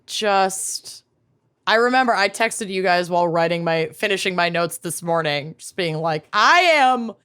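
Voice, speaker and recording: A woman co-hosting a podcast, playful and quick with a wisecrack. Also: on the low side, steady tone, a bit bright, clean tone. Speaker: podcast co-host. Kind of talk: casual chat.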